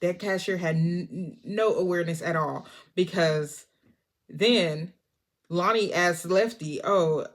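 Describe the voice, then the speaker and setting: A woman recapping a movie in a chatty, expressive way, talking straight to her viewers. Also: fairly low pitch, measured pace. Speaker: movie reviewer.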